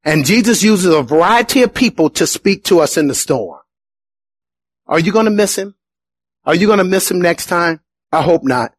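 A man preaching a sermon as pastor, animated, acting out the voices of the people in his stories. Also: on the high side, breathy edge, no room sound.

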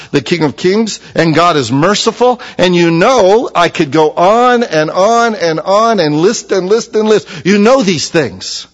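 A man preaching a sermon, emphatic, repeating key phrases and dropping to a hushed, low voice for stress. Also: highs cut off. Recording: long hall reverb.

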